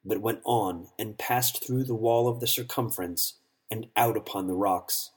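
A male narrator reading a story in a measured, solemn way. His voice is low and husky, and his delivery is very slow. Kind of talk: audiobook narration.

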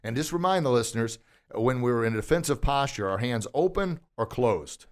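An enthusiastic man hosts a coaching podcast from a recording studio. His voice sits at an ordinary middle pitch. He keeps firing questions at his listener and heaps praise on every answer. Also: expressive, normal speed. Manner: upbeat, encouraging, quizzing and praising. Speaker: podcast host and martial arts instructor. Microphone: studio microphone.

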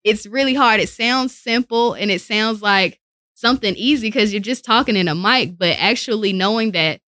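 A woman's voice: mid-range voice, moderate pace, no room sound. A woman radio personality talking casually in an interview, telling stories animatedly and acting out the voices of people she quotes, recorded in a studio. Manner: animated storyteller who acts out quoted voices.

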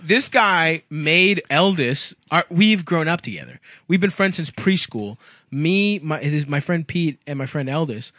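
A man's voice: a little high, animated, unhurried, sharp tone, no room sound, clean studio sound. A young man in casual comedic podcast chat, rambling and crude, laughing often.

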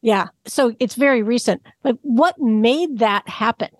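Slow, calm woman interviewer. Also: on the high side, dry recording, clean studio sound. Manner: calm, affirming, nonjudgmental. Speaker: host. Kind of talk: interview questions.

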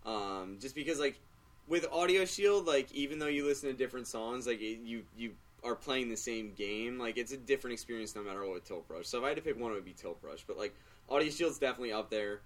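A man's voice: medium pitch, fast. A man chatting as a guest on a casual podcast, rambling with many fillers and casual swearing.

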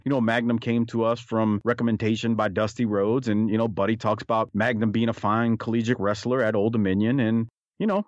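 A man's voice: mid-range voice, no room sound. Chatty man with a dull, dry sound. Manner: chatty, thinks aloud. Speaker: podcast co-host. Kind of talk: casual conversation about old wrestling footage.

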